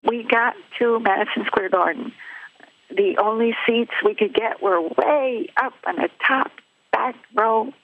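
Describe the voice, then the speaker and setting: A woman's voice: fairly high pitch, measured pace, creaky, no room sound. An older woman giving her personal testimony in an earnest, plain storytelling way, heard over a tinny phone line.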